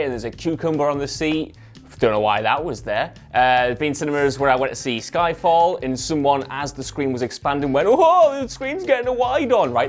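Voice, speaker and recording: A man telling a comic anecdote to camera, wry with sarcastic asides. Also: medium pitch. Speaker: film pundit.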